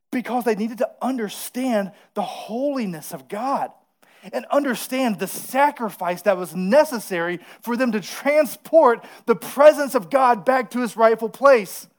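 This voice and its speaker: A male pastor preaching a casual, lively sermon, telling a story and asking the congregation to repeat words after him. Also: sits high. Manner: lively storytelling with crowd call-and-response.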